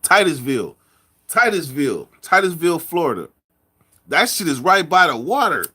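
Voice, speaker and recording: A man from California in a casual chat, telling rambling stories with drawn-out words and lots of repeats. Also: on the high side, sing-song, bright, forceful tone, husky. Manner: loose storytelling, drawn-out words, repeats himself. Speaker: podcast host.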